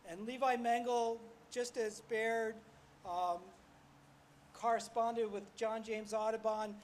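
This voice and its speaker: A man's voice: high-pitched, steady tone, takes it slowly, slight background noise, low-quality recording. An older man giving a ceremony speech outdoors, telling wry, self-deprecating stories about his club. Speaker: ornithology club past president speaking at a ceremony. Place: outdoor street-corner ceremony.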